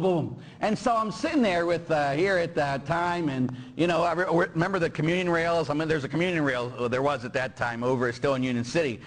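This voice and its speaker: Lively storytelling priest, man. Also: on the high side. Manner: animated storyteller, acts out quoted people and sound effects, keeps tagging "huh?". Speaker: Catholic priest. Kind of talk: storytelling homily.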